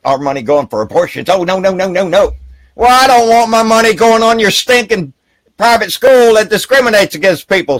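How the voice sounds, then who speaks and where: A man hosting a live political talk show outdoors by a river, ranting heatedly and with plenty of profanity, then brightening to greet viewers by name. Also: medium pitch, no echo. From Texas. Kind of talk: live political rant and viewer shout-outs.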